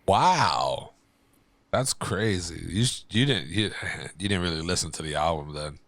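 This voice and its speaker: A man's voice: low voice, lively intonation, a little slow, a bit bright, no room sound. A man co-hosting a casual music podcast in a laid-back, loose way with plenty of swearing. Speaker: podcast co-host. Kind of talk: casual chat.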